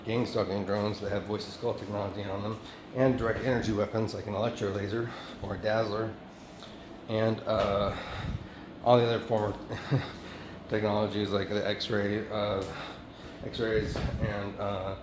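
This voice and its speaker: A man's voice: on the low side, level tone, reverberant, noisy background. A man talking in a rambling self-recorded monologue, swearing often and restarting his sentences. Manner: profane, halting, many restarts and fillers. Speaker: vlogger.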